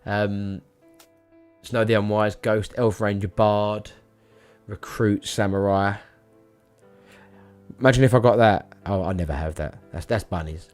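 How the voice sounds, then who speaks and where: Rambling low-voiced man streaming. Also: steady tone, measured pace, pauses often, a little mellow, faint music behind. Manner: rambling, stammering, swears casually. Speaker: live streamer. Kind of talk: casual live-stream chat.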